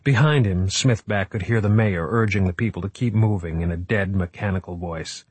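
A man reading a suspense novel aloud in a measured, steady narrating voice. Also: deep voice, breathy edge, no room sound. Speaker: audiobook narrator. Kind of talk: scripted narration.

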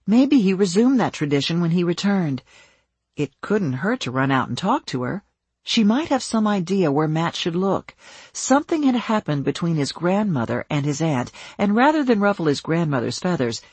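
An expressive narrator with a lively, rising and falling pitch that keeps the story moving. The voice has a soft, breathy grain, recorded close and dry with no room sound. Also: dry recording. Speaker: audiobook narrator. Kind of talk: scripted narration.

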